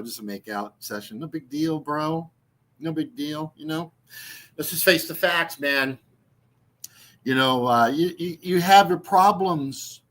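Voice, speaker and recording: A man's voice: a little high, a bit bright. A man doing ranting livestream commentary, mocking and profane, repeating himself and swearing freely. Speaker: streamer.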